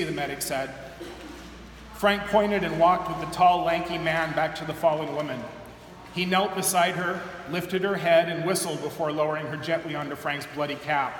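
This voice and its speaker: A man reads his own fiction aloud in a steady, measured way, his voice sitting fairly high. The sound is roomy with a long hall reverb, and a faint hum of the space lies underneath. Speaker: author reading his novel. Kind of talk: live reading of fiction. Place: museum reading event, large indoor hall.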